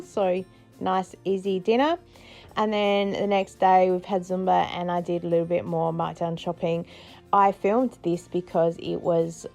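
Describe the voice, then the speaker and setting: A woman's voice: on the low side, a little mellow. A middle-aged Australian woman chatting casually in a vlog, laughing often and retelling moments with playful voices. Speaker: frugal living vlogger.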